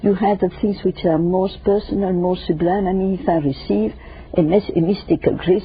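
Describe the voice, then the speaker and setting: An older woman guest in an interview discussion, speaking emphatically and lecturing in numbered points with a raspy, gravelly voice. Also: on the low side, steady tone, a little fast. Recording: dull lo-fi radio recording.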